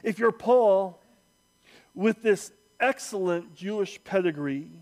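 A man preaching a sermon, slow and emphatic, with dramatic pauses and acted-out quotes. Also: high voice, darkish tone.

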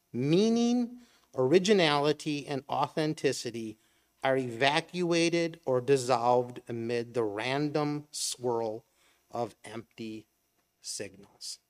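A middle-aged man giving a conversational sermon, asking rhetorical questions and briefly acting out imagined voices. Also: a little high. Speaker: preacher.

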